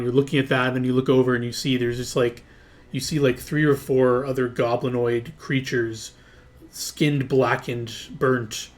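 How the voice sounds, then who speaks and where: A man running a tabletop game as game master, narrating casually with lots of fillers. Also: medium pitch. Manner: casual, loose, full of fillers and hedges.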